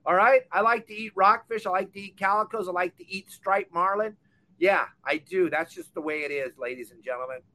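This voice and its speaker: Speaking briskly from a boat or dock, this older Southern Californian fishing podcast host scolds bluntly in an impassioned, fired-up rant, his voice bright and high.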